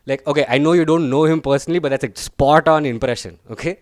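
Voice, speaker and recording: Chatty young comedian, smooth and dry. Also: male voice, on the high side, quick pace, dry recording. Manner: chatty, self-deprecating, tags lines with "right?" and "guys". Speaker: stand-up comedian. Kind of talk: stand-up comedy set.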